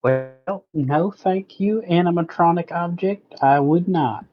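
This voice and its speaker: A man's voice: sits high, slow pace. A man voices a fussy, excessively courteous shopkeeper who speaks in stiff, old-fashioned phrases. His tone stays proper and formal. The audio is dull and lo-fi. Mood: prim. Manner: stiff, archaic politeness. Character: overly formal polite shopkeeper man, prim.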